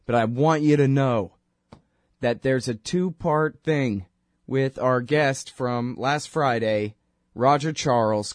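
A man's voice: medium pitch, no room sound, clean studio sound. A man hosting a political talk show, rambling sarcastically through the news with lots of fillers. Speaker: radio show host. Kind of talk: casual political talk monologue.

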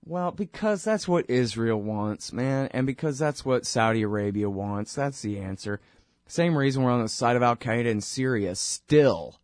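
A man's voice: mid-range voice, lively intonation, normal speed, no room sound, clean studio sound. A man hosting his own radio show, rambling informally and wryly between plugs. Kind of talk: casual monologue with plugs.

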